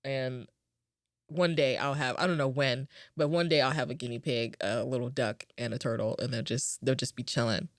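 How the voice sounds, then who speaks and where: A woman's voice: a bass voice, fairly even intonation, moderate pace, no echo, studio quality. A young woman hosting a podcast, chatting casually in a rambling, upbeat way with lots of fillers, and a little tired. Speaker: podcast host. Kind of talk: casual chat.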